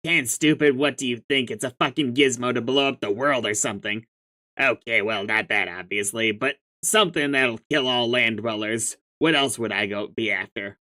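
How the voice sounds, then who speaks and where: A man's voice: mid-range voice, moderate pace, sharp tone, lightly acted. A man reading aloud as a pushy, profane young sea troll with schemes of his own, speaking in a mocking tone. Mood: scornful.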